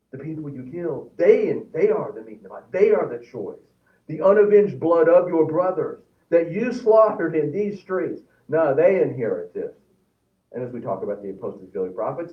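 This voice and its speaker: Male Bible class teacher, slightly high voice, animated and halting, heard from across a roomy church classroom on a tinny, phone-like recording. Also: far from the mic. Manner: animated, repeats words when restarting, reads scripture aloud. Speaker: Sunday school teacher.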